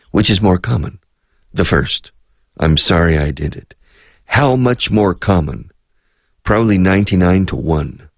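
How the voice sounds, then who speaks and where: A deep, husky middle-aged man teaches a radio English lesson. He talks slowly and repeats phrases, switching between English and Spanish. The sound is close and dry, with a gravelly edge. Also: no echo.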